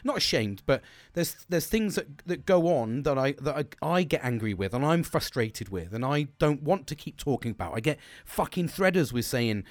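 A man's voice: mid-range voice, expressive, a little fast, no echo. A middle-aged man hosting a candid solo podcast, talking frankly with lots of swearing and restarts. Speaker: podcast host.

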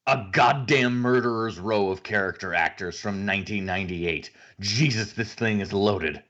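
A man with a fairly low voice speaks bluntly and curses freely on a movie podcast. His points come across with emphasis. The recording sounds dull and muffled. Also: normal speed, a bit bright. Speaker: podcast co-host. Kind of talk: casual movie podcast chat.

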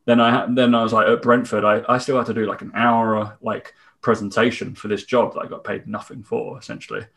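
A man's voice: on the low side, little pitch movement, brisk, fairly bright tone. A young man hosting a podcast, chatting casually and rambling through anecdotes. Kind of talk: casual chat.

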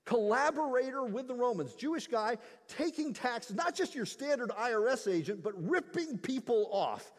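A man's voice: extremely high pitch, long reverb tail. A male pastor preaching a sermon in an emphatic, conversational way, weaving in stories and asides.

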